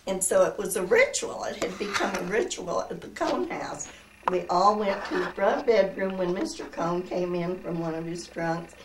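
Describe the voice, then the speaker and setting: Older woman, lowish voice, chatty storyteller, recorded from across an echoey room. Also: far from the mic, a little hiss or hum. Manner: lively, laughing storyteller. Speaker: interviewee. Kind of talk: storytelling in a family interview.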